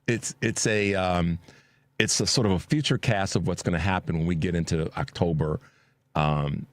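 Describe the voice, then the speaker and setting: A man's voice: sits low, no echo. A man hosting a political talk show, earnest and emphatic as he makes his points. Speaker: host.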